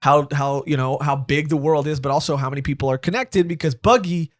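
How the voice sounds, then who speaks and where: A man co-hosting a podcast, chatting casually and joking, retelling scenes with animated quotes. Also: a little high, fairly quick. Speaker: podcast co-host. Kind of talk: casual chat.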